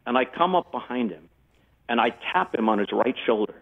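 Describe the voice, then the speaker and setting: A man's voice: medium pitch, fairly quick, creaky, husky. Older man telling stories over a phone line. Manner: animated anecdotal storytelling. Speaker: guest sportscaster. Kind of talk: casual interview storytelling. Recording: tinny phone-like remote line.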